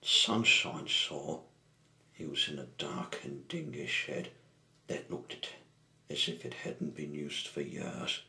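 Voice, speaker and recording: A man reads a children's story aloud with a low, bright voice. He goes slowly, stumbling and rephrasing as he reads. An echoey room rings around him. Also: steady tone, vocal fry. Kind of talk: amateur storybook reading.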